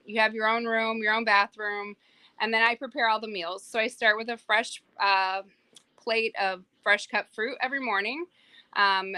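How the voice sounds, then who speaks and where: Interviewed casually about her work as a private yacht chef, a woman tells lively stories, using many fillers and performing the quotes. She speaks at a medium pitch with no room sound.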